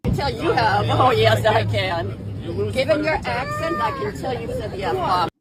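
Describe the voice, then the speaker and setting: A combative woman snaps sarcastically at fellow passengers in a high, wildly swinging voice. Loud crowd chatter fills the cabin around her on this phone clip. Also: very animated, unhurried, heavy background noise. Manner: combative, sarcastic, shouting back. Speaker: passenger arguing on a plane. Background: loud chatter of other passengers.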